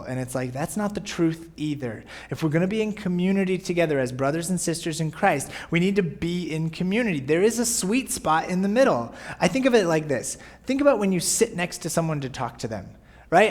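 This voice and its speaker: A man's voice: fairly high pitch, animated, fairly quick, a little mellow. A male pastor preaching a sermon in a conversational way, often checking in with his listeners. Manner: conversational, often asking "right?". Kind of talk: sermon podcast.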